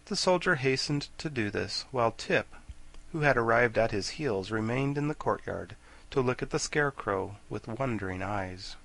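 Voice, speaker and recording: A man narrating a children's classic for an audiobook in an expressive storytelling manner. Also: medium pitch, moderate pace, creaky. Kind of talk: scripted narration.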